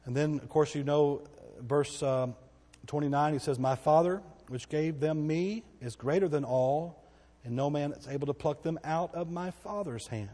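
A man preaching in a slightly higher voice, his words ringing out in a long hall reverb. He presses his points with loud emphasis, then drops to a low, hushed delivery. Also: normal speed. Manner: emphatic preaching that swings between loud declarations and hushed passages. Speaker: pastor. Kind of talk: sermon.

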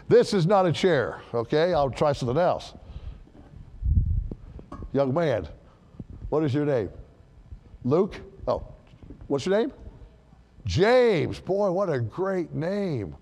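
Emphatic preacher in an echoing hall. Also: male voice, a little high. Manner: animated, emphatic, repeats key words. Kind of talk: sermon.

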